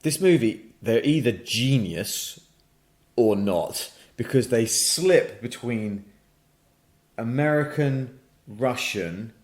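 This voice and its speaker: Man, playful lively podcast talk, roomy echo. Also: mid-range voice, slow. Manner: playful, animated, many repeated words. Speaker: podcast co-host. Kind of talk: casual chat.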